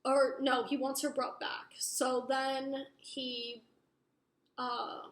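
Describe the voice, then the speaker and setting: High-voiced young woman rambling through a recap. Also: little pitch movement, very slow. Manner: rambling, filler-heavy, profane. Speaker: book reviewer. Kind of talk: casual spoiler recap. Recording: roomy echo.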